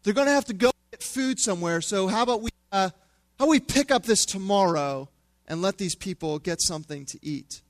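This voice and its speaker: Exasperated, practical male disciples plead in a wry, casual modern way, put on by a man. The voice sits high and lively. The sound is dry and close. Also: fairly quick, no room sound, lightly acted.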